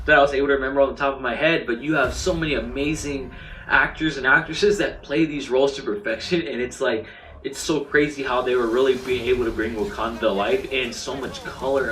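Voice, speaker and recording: Young male reviewer, gushing and rambling, mid-pitched voice, set back from the mic in an echoey room. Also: fairly bright tone, far from the mic. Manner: enthusiastic, rambling with many fillers and restarts. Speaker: movie reviewer. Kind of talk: casual spoken film review. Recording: roomy, off-mic sound with faint music.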